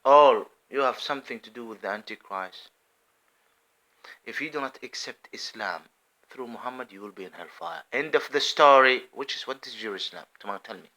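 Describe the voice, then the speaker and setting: A man giving an impassioned religious monologue, swinging between loud emphatic outbursts and hushed asides. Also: medium pitch, normal speed. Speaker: religious commentator.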